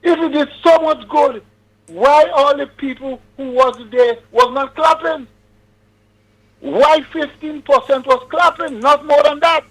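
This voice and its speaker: Emphatic high-voiced male caller. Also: steady tone, measured pace, a bit bright, low-quality recording. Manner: emphatic, preachy warnings. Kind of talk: casual call-in chat.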